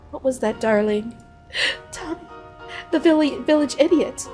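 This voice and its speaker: A woman voicing a frail, loving older wife in a high, soft calling voice. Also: a little slow, faint music behind. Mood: tender.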